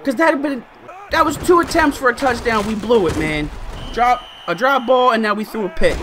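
A young man giving excited, animated commentary over his own football video game, exclaiming and groaning at each play. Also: very high voice, normal speed, background noise. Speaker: gaming YouTuber.

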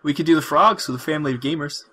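A man's voice: fairly high pitch, rapid-fire, sharp tone, husky. A man from Ontario co-hosting a podcast in casual chat, joking and laughing often. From Ontario, Canada. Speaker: podcast co-host.

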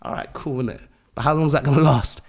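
This young man from England speaks fast in a mid-range, creaky voice with an English accent. Appearing as an entrepreneur guest on a podcast interview, he lectures his listeners bluntly, swearing and using street slang.

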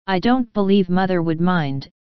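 A gentle older sister who soothes and reasons calmly with a younger sibling, read by a woman. The voice is low-set, very smooth and clear. It is dry and close on slightly lo-fi audio. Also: normal speed, no echo, lightly acted. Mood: soothing.

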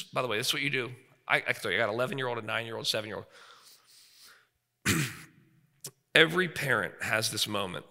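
A man in his forties with a mid-range voice, vocal fry, and a sharp tone preaches an emphatic sermon. Recorded in the reverberant hall of a seminary chapel, he keeps engaging listeners with rhetorical check-ins.

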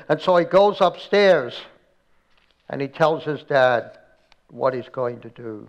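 A man's voice: mid-range voice, animated, slow, pauses often, lo-fi sound. A middle-aged male pastor preaching a sermon, telling stories with dramatic acted-out quotes. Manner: dramatic storytelling, acting out quoted prayers with rising intensity. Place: church, recorded for an online service.

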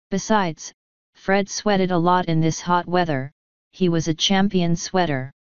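A woman narrating an audiobook in a measured, even reading. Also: lowish voice, smooth, no echo, muffled recording. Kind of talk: scripted narration.

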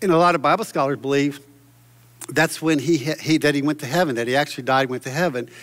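A man's voice: fairly high pitch, fast, a bit bright, long reverb tail. A man preaching a sermon from a church stage, fervent and exclamatory, often restarting his sentences. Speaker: pastor.

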